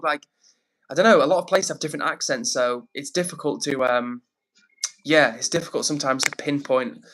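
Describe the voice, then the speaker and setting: A man's voice: fairly high pitch, fairly quick, fairly bright tone, rough recording. A man hosting a casual live stream on his phone, chatting and reading out viewer messages. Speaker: livestream host.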